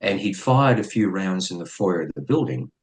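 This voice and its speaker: A middle-aged man with an Australian accent, telling a story as a podcast guest in a blunt, profane and lively way. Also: deep voice, moderate pace, low-quality recording. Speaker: guest, former police officer.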